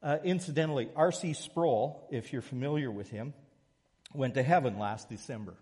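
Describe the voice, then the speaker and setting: A man's voice: mid-range voice, normal speed. Male pastor preaching, tells stories, mid voice, long echo in a big church. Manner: storytelling, shifts from soft prayer to lively anecdote. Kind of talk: sermon.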